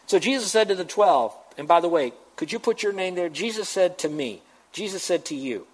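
A man's voice: high-pitched, expressive, a little fast, hardly any pauses, breathy edge, rough recording. A man preaching a sermon to his congregation as pastor, emphatic and rising to urgent questions.

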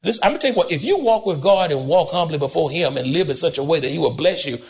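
Animated male pastor preaching, swooping pitch. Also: fast talker. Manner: animated preaching, swooping between high and low, occasional shouts; folksy, conversational, direct address to congregation. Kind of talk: sermon.

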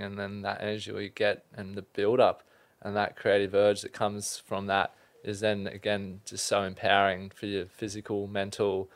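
A laid-back man chatting as a podcast guest, full of easygoing slang. His voice sits on the lower side, relaxed and unhurried. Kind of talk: casual chat.

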